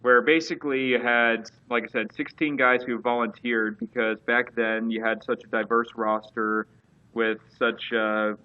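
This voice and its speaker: A man's voice: mid-range voice, flat delivery, measured pace, clean tone, lo-fi sound. A man co-hosting a casual wrestling chat, rambling with lots of fillers and restarts. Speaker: podcast co-host.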